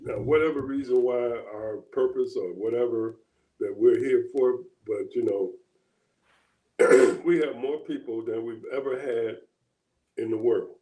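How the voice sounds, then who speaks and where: A man co-hosting a casual political chat. He thinks aloud in a halting way, with many pauses and restarts. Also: medium pitch, mellow, roomy sound, rough recording. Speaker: co-host.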